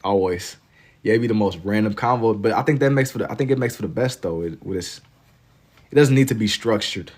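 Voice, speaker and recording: Young man from Kentucky, slightly low voice, laid-back slangy livestream chatter while drawing. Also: brisk, a little mellow. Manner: laid-back and slangy, reading chat aloud. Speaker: livestreaming artist.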